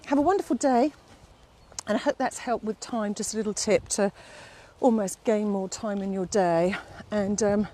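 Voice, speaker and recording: Out of breath on a steep uphill walk, a middle-aged woman who teaches fitness rambles into her phone for a casual outdoor vlog, chatting warmly to her dog. Her voice is mid-range and warm, at normal speed, with a little hiss or hum on the audio.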